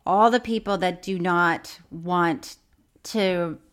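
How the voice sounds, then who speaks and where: A woman co-hosting a podcast, casually recapping a crime documentary with a teasing, playful manner and frequent laughter. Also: takes it slowly. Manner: teasing, playful, laughs often, drops to a low mutter for asides. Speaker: podcast co-host.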